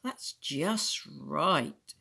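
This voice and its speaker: A fussy little girl from a storybook, as a woman reads her, drawing out each word slowly and with a sigh. The voice stays close to the reader's own, low-pitched for a woman. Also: lively intonation, gravelly, bright, forceful tone, husky, heavily acted.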